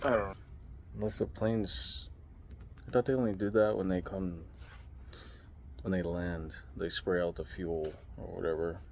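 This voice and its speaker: Young guy with a deep gravelly voice rambling late at night, dark tone, slight hiss behind. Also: unhurried, long pauses. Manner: rambling, relaxed storytelling with many fillers. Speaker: vlogger and streamer. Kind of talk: casual late-night vlog chat.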